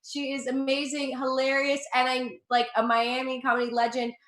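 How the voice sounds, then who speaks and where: High-voiced giggly woman host, echoey. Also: completely flat delivery, moderate pace. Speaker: show host. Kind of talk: introducing comedians. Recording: echoey room with loud noise.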